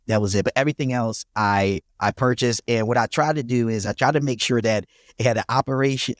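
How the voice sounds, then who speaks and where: Man, middle-aged, podcast guest, laid-back and blunt, mid-pitched voice, dry close sound. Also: dry recording. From North Philadelphia, USA. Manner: laid-back storytelling, laughs often, blunt and profane. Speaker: guest, real estate investor. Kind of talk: casual podcast interview.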